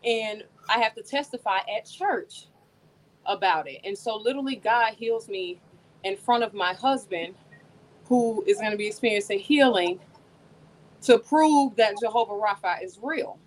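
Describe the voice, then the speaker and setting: A woman telling her own story on a video call from home, animated and addressing her listeners as y'all. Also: medium pitch, normal speed, a little hiss or hum, rough recording. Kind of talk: casual testimony to an online audience.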